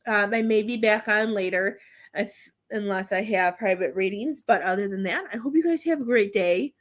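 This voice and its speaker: A woman's voice: mid-range voice, normal speed. A woman chatting casually with viewers on a livestream, rambling and laughing often as she offers readings. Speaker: psychic medium livestreamer.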